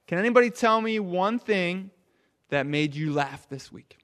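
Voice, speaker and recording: A man with a fairly high voice leads a children's sermon. He talks with lively swings in volume, from near shouts down to a hushed murmur. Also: unhurried. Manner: animated, drops to a hush for emphasis. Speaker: pastor.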